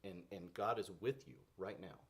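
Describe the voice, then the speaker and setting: In a relaxed, conversational devotional, a man teaches earnestly, often pausing with fillers and restarting phrases. His voice is somewhat low and slightly rough.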